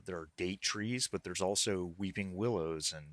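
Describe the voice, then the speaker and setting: A man's voice: low voice, normal speed, a crowd in the background. A man narrating as game master for a tabletop game, talking casually with many fillers and restarts.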